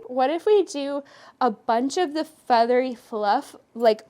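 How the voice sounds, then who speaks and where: A woman's voice: fairly high pitch, slow pace, a little mellow. A young adult woman photographer in a studio, casually directing a model and gushing with repeated praise.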